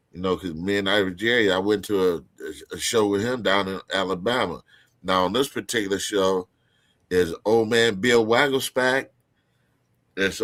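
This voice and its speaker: A man's voice: fairly low pitch, a bit bright, no room sound. A man telling a long, rambling story as a podcast guest, swearing freely and restarting his sentences.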